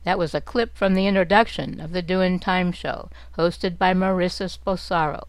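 Low-voiced woman radio presenter. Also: steady tone, normal speed, background noise. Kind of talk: scripted narration.

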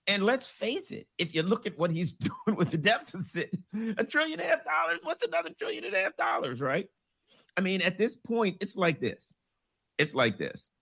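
A man's voice: on the low side, a bit bright. A man hosting a rambling political commentary, telling folksy jokes and stories with many restarts.

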